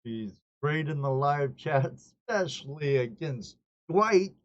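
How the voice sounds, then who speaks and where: A man's voice: on the high side, animated, takes it slowly, lo-fi sound. A man from the northern United States hosting a casual live video-call hangout, chatty and joking at his own expense. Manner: folksy, chatty, self-joking. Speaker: host. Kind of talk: casual live-stream chat.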